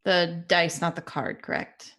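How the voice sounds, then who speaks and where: A woman playing in a tabletop game, lively and quick to laugh, often checking the rules with questions. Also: on the low side. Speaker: player. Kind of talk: casual tabletop game chat.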